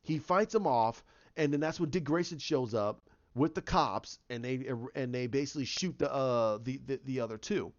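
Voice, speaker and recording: A man's voice: mid-range voice, moderate pace, dull audio. A man casually retelling his own movie idea, rambling with lots of restarts and fillers. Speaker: fan pitching a movie idea.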